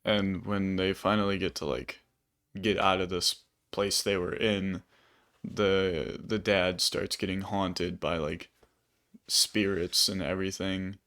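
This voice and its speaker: A man's voice: sits low, fairly even intonation, slow, a bit bright. A man co-hosting a casual movie review podcast, rambling through plot details with many fillers. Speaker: podcast co-host.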